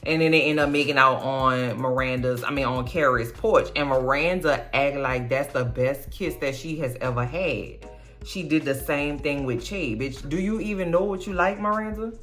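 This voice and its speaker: A woman with a low, deep speaking voice rants through a casual TV episode recap. She talks bluntly and swears freely, and jumps high in pitch to stress her points. Soft music plays faintly underneath. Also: moderate pace. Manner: blunt, profane, chatty commentary; expressive, swoops high for emphasis. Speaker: TV recap vlogger.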